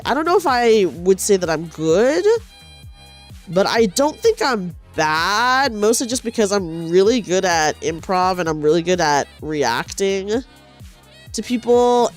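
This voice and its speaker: Young woman, casual knitting chat, rambling, self-deprecating, mid-pitched voice, faint music behind. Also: sing-song, unhurried. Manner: chatty, rambling, self-deprecating, with many restarts. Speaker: streamer.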